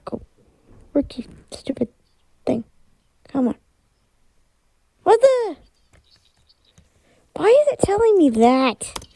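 A woman's voice: sits high, very animated, takes it slowly, long pauses, warm tone, no echo. A woman in casual chat with friends, grumbling at a glitchy app and muttering "ew" to herself.

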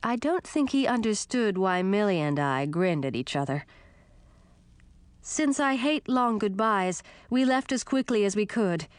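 A woman reading a first-person fantasy story with steady, expressive narration. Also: mid-range voice, unhurried, clean tone, no echo. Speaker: audiobook narrator.

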